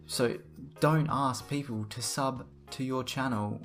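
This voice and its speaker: A young man talks straight into the camera in a rambling, profane rant. His voice sits at an ordinary middle pitch. Faint music plays beneath him. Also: fairly even intonation, takes it slowly, fairly bright tone. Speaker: vlogger. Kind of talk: casual ranting to camera.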